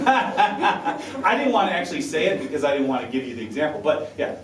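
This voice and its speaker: A man's voice: a little high, big pitch swings, moderate pace, few pauses. A man coaching a saxophone quartet, talkative and encouraging, sounding out syllables to demonstrate. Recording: roomy sound from a distance with faint ambience.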